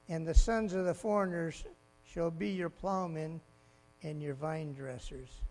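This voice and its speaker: A man preaching a sermon in an animated way, swinging from loud exclamations to quiet asides and laughing often. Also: on the high side, measured pace. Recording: mains hum behind the voice.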